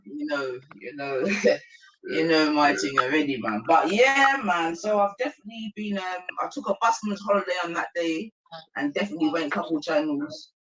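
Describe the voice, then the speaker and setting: A man's voice: a little high, moderate pace, background noise. A man chatting casually on a game stream, laid-back and slangy, laughing often.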